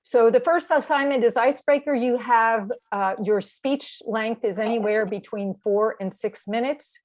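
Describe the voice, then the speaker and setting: In an online training session, a woman leading a speech course explains assignments by video call, step by step and encouragingly. She speaks at a normal speed in a voice on the high side.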